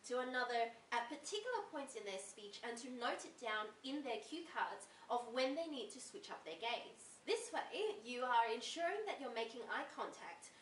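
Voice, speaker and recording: A young Australian woman tutor giving clear, deliberate advice in an instructional video. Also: on the high side, sing-song. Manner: clear, deliberate teacherly explanation. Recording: roomy echo from a distant mic with faint hiss.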